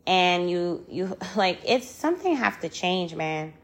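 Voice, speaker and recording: A woman's voice: on the low side, big pitch swings, unhurried. A woman in a personal vlog monologue, angry and frustrated, talking with passion, repeating phrases for emphasis and swearing freely. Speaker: vlogger.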